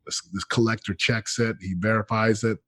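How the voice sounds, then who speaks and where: A man in his thirties telling his story as a podcast guest, earnest and animated, often acting out what he said. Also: lowish voice, normal speed, breathy edge, dry recording, clean studio sound. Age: 30s. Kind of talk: candid storytelling.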